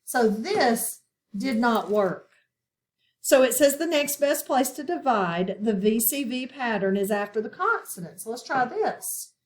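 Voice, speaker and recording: A woman teaching a phonics lesson to children, asking questions and pausing patiently for answers. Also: fairly high pitch, animated. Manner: slow, patient, asks questions and pauses.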